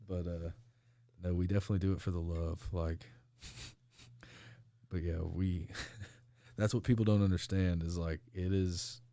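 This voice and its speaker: A man guesting on a sports show as a pro wrestler, telling stories in a loose, animated way, laughing often and acting out the people he quotes. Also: deep voice, a little slow, no room sound, clean studio sound. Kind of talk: casual storytelling interview.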